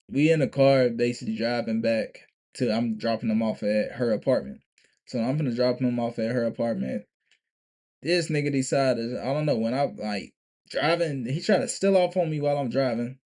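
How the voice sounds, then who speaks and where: A man's voice: medium pitch, darkish tone. A young man telling a story to camera in a casual, profane, emphatic way, restarting and repeating himself often. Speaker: vlogger.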